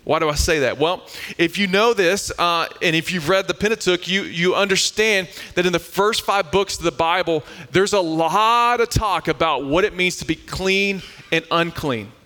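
A man's voice: high voice, moderate pace, bright, forceful tone. A man preaching a sermon as pastor, reading scripture aloud and explaining it in an earnest, emphatic way, often repeating a word as he restarts. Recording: echoey hall with long reverb.

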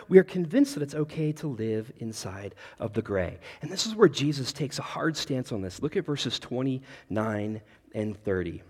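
A man preaching a sermon as pastor, conversational and animated, talking directly to his congregation. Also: high voice. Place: large hall with congregation. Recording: reverberant hall.

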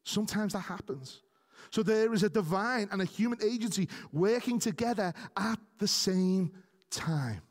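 A man's voice: high-pitched, lively intonation, normal speed, big-room sound. A man preaching a sermon earnestly, speaking directly to his congregation and rising to emphatic peaks.

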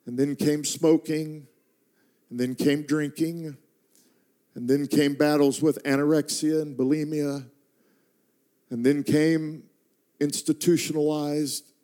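A middle-aged man preaching to a church congregation, telling his own story with rising passion. His voice sits a little high yet sounds dark and mellow. He moves from quiet telling into fervent calls to God. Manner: personal storytelling that swells into impassioned prayer. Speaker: traveling preacher. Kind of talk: sermon. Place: church stage before a congregation.

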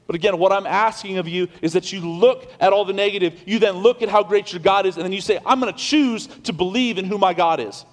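A man preaching from the pulpit in a high, light voice, one moment loud and declaring, the next hushed and soft. He talks to the congregation conversationally, with restarts and asides, and his words ring out through a long reverb in the church hall. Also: fast, hardly any pauses. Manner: preaches with big swings from loud declarations to quiet hushed passages. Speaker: pastor. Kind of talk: sermon. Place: church sanctuary.

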